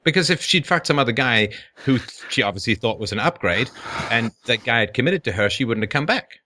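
A man's voice: medium pitch, lively intonation, brisk, pushed and bright, dry recording. A man hosting a call-in advice show who speaks bluntly and cuts in with direct advice. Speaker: host.

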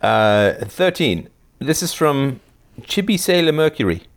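A man with a medium-pitched, very animated voice talks a little slowly as he hosts a casual chat with his daughter and reads out comments. He jokes, teases, and laughs often, then rambles off into lecturing asides.

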